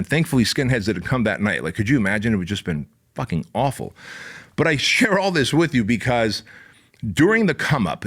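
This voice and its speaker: A man hosting his own podcast, telling a wild personal story in a casual, profane, animated way, full of "like" and "bro.". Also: fairly low pitch. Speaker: podcast host.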